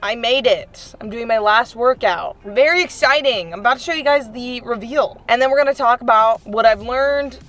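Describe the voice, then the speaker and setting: A young woman with a fairly bright, higher voice vlogs at a moderate pace with few pauses, soft music playing underneath. She's chatty and bubbly, saying "like" a lot, filming first at home and later at a gym.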